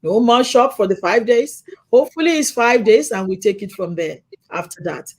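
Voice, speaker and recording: A middle-aged woman hosting a casual chat, telling stories in a lively way, acting out quoted lines and laughing often. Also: on the high side, moderate pace. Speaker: host.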